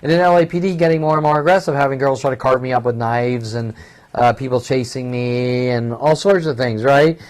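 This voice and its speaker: A man's voice: mid-range voice, fairly even intonation, brisk. A man in his fifties delivering an agitated, profane, rambling monologue that keeps circling back on itself. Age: 50s. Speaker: vlogger.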